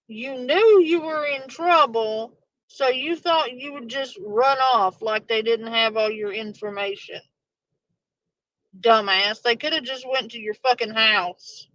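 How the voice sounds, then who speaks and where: A woman's voice: fairly high pitch, a little slow, a bit bright, no room sound, rough recording. Blunt, profane woman reacting. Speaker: react commentator. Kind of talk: casual reaction commentary.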